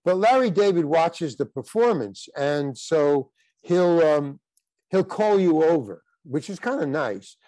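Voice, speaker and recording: A man's voice: fairly high pitch, lively intonation, dark tone, no room sound. An older man, a guest actor, telling rambling stories in a casual interview, often breaking off and restarting his sentences. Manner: rambling anecdotes with halting restarts.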